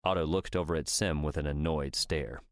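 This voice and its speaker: A man reading an audiobook in scripted narration, steady and even. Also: very deep voice, normal speed, no echo, clean studio sound.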